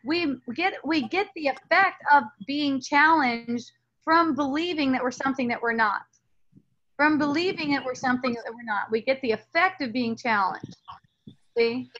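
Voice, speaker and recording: A woman with a high, bright voice talks earnestly as a spiritual teacher in a relaxed dialogue. She rambles and restarts her sentences often. The audio sounds dull and lo-fi. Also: normal speed.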